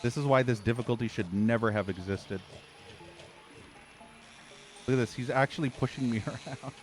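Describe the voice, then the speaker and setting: A man's voice: medium pitch, normal speed, faint music behind. A man streaming a horror game, ranting with angry, profane commentary and exasperated sighs as he plays. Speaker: gaming streamer.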